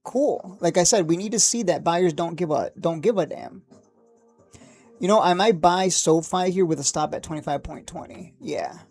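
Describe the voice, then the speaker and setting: A man's voice: high voice, moderate pace, soft background music. Rambling man doing live market commentary. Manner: rambling, excitable, profane, laughs at his own jokes. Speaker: stock trading livestream host.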